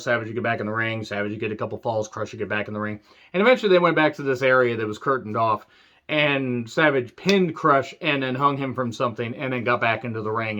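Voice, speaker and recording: A man's voice: medium pitch, fairly bright tone. A man giving a casual, rambling wrestling review with sarcastic, crude humor. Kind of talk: casual spoken video review. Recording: dull lo-fi sound.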